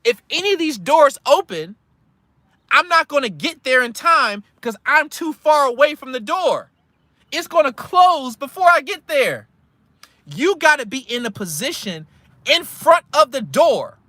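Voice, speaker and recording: Blunt, bright-voiced man ranting from his car. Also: very high-pitched, big pitch swings, unhurried, no room sound. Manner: blunt, preachy, slangy, repeats himself. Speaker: credit and investing vlogger. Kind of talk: casual motivational rant. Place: parked car in a store parking lot.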